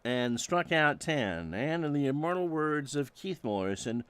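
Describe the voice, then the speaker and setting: A man doing solo play-by-play of a simulated old baseball game, reading stats with dry jokes and getting loud on big plays. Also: fairly high pitch, sing-song, a little slow, clear, resonant tone, dry recording. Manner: dry joking asides between stats, erupts on big plays. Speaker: play-by-play announcer.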